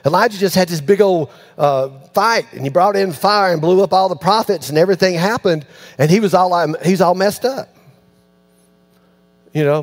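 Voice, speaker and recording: Beneath this sermon there's a faint electrical hum. The preacher is a fairly high-pitched man speaking at a moderate pace, telling lively stories in which he acts out people's voices and goes hushed for the quieter lines.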